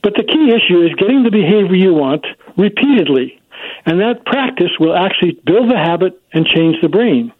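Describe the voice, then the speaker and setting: A man's voice: high voice, animated, moderate pace, slightly rough, dry recording. A man speaking as a child psychology expert guest, explaining his points emphatically in an interview. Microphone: phone. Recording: dry tinny phone line.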